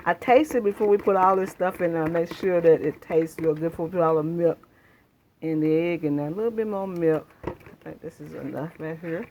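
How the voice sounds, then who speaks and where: A woman's voice: on the low side, brisk, darkish tone, slight background noise. Chatty woman cooking at home. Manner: homey, chatty, addresses viewers as y'all. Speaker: cooking channel host. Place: home kitchen.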